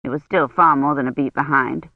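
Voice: mid-range voice, steady tone, fairly quick, creaky, no echo. Dull lo-fi dry audiobook narration.

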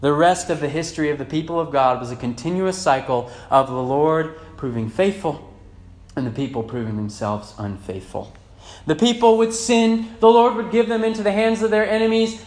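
A man in his thirties preaching a sermon as pastor, moving between loud fervent emphasis and soft reflective passages. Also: a little high, animated, normal speed. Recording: echoey church room with faint hum.

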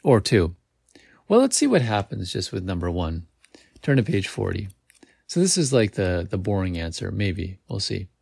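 Male host, low gravelly voice, reading a gamebook aloud and musing over the choices. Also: very animated, normal speed, a little mellow, no room sound. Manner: thinks aloud between chapters. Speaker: podcast host.

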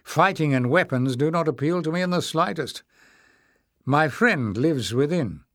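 A man doing a calm, earnest stranger. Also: a little high, a little slow, no room sound, studio quality, pitched above the performer's own voice. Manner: patient, earnest. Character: calm, persuasive male stranger.

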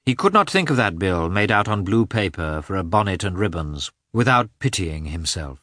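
A man narrating an audiobook in a measured, subdued reading voice. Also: low-pitched, big pitch swings, pushed and bright, no room sound, clean studio sound. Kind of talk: scripted narration.

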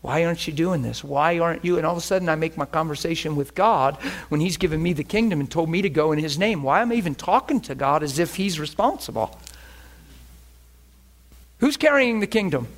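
A man's voice: a little high, animated, fairly quick. A man preaching a conversational, emphatic sermon to a class as their pastor.

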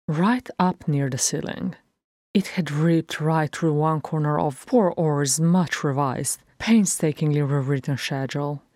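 Woman reader, low, slow, steady storytelling, dry sound. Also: dry recording. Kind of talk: audiobook fan fiction narration.

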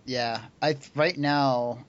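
A young man hosts a relaxed podcast conversation, chatty and loose with plenty of fillers and laughter. His voice sits at an ordinary pitch, and the recording is dull and lo-fi. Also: slow pace, clean tone. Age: young adult. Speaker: podcast host. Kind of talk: casual chat. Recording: dull lo-fi audio.

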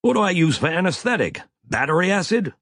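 A man voicing a gruff, sardonic ship's doctor. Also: high-pitched, very animated, brisk, fairly bright tone, no room sound, clean studio sound, pitched above the performer's own voice, full character voice. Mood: grudging. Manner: grumbling, sardonic. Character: gruff male ship's doctor, dry and reluctant.

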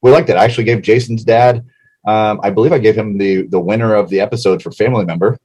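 Husky low-voiced male podcast host. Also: a little mellow, poor audio. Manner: chatty, reads plugs quickly. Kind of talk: casual podcast chat.

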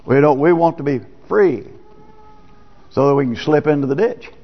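A man preaching from a church sanctuary keeps his sermon plain, folksy and conversational; he's a pastor. He has a slightly high, husky voice at a moderate pace, heard through a dull, lo-fi recording with long reverb.

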